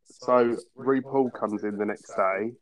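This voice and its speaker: A man's voice: medium pitch, fairly even intonation, takes it slowly, poor audio. A man co-hosting a casual podcast, chatty and teasing as he recaps a TV episode, recorded on a phone at home. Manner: chatty, teasing, laughs often. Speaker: podcast co-host. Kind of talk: casual chat recapping a TV show.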